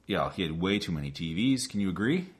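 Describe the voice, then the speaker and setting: A man's voice: low voice, fast talker. A man co-hosting a podcast, chatting casually about a movie and acting out its lines with animation. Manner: animated, acts out lines from the film. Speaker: podcast co-host.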